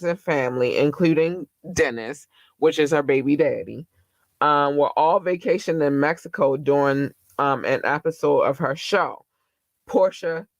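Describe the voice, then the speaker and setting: A man's voice: fairly high pitch, no room sound. A man hosting a casual gossip podcast, chatty and candid, with slang and the odd swear word. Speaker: podcast host. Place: Baltimore.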